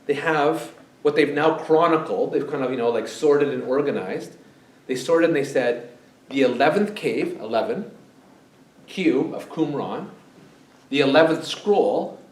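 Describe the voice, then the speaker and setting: This pastor's sermon is conversational and full of questions for his congregation. His voice is a little high and a little mellow, recorded from afar in an echoey church sanctuary.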